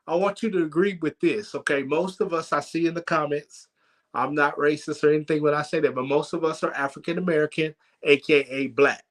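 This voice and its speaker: A man hosting a comedic church livestream, telling stories in a lively way with frequent stammered restarts. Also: a little high, poor audio. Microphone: livestream microphone.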